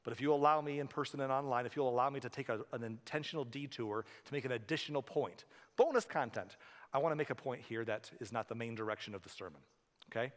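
A man's voice: mid-range voice, fast talker. Man preaching in an echoey church hall. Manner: conversational, animated storytelling with asides. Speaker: pastor. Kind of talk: sermon. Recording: reverberant hall.

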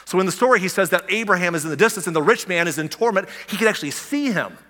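A man preaching from a church pulpit, his voice sitting a touch high and ringing bright and forceful. He gets carried away, tripping over restarts and firing rhetorical questions at the congregation. A long reverb trails each phrase through the sanctuary. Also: lively intonation, rapid-fire. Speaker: pastor. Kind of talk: sermon.

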